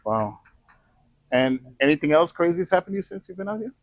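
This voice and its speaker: Soft-spoken man asking sympathetic questions. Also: a little high, sing-song, fast talker, no room sound. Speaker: interviewer, channel host. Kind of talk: street interview.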